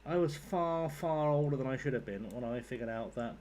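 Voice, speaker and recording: A gaming YouTuber chats loosely while playing, cursing freely and drifting into side comments. His mid-range voice is darkish with lively intonation and a fairly quick pace, over slight background noise.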